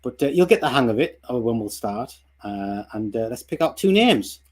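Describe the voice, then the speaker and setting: A man's voice: medium pitch, big pitch swings, moderate pace. A British man hosting a livestream, explaining the format in a loose, rambling way. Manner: loose, rambling, full of ums and restarts. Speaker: stream host. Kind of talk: casual livestream chat.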